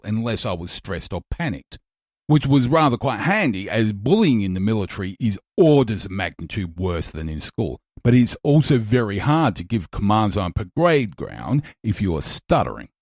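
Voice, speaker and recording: A male podcast host talks in a low voice with plenty of up-and-down inflection. He explains things thoughtfully and pushes his voice from the chest. The sound is dry and close, from a studio mic. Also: a little mellow, no room sound. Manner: reflective, explanatory, pushes voice hard. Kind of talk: casual podcast monologue and chat. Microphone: studio mic, gain turned down.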